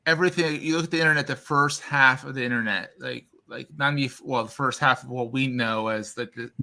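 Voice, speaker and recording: Male host, bright and forceful tone, eager casual interviewer, mid pitch. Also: steady tone, brisk. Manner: enthusiastic, frequent short affirmations.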